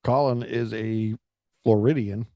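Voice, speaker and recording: Rambling, halting man with a mellow voice. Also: on the low side, steady tone, no room sound. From United States. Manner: rambling, halting, full of restarts and "I'm like". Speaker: podcast co-host. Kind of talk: casual chat. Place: Florida.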